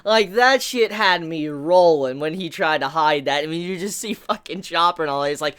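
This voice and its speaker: Woman manga vlogger, low-ish voice, excitable and foul-mouthed, laughs a lot. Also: moderate pace, few pauses, smooth. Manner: excitable and profane, with frequent laughter. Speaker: manga reviewer. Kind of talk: casual review vlog.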